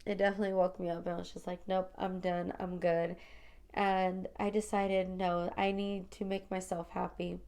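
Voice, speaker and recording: A woman's voice: medium pitch, flat delivery, fairly quick, hardly any pauses, darkish tone. A woman with school-age children hosts a personal spiritual podcast, talking reflectively and confessionally, full of "you know" and "like", and calling her listeners "you guys". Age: adult mother of school-age children. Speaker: podcast host.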